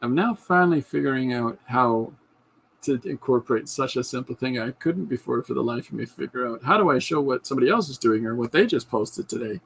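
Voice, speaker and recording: The voice is medium-pitched, gravelly, and brisk with lively intonation, belonging to a man hosting his podcast as a casual livestream chat. A comic artist, he enthusiastically rambles about his comic ideas with frequent restarts, over poor audio carrying a little hiss or hum.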